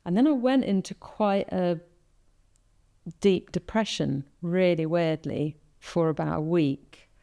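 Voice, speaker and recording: Speaking slowly, this woman hosts a podcast and chats casually about her own life in a low, smooth voice. Her stories come alive as she voices what she was thinking, and her manner stays mellow and relaxed.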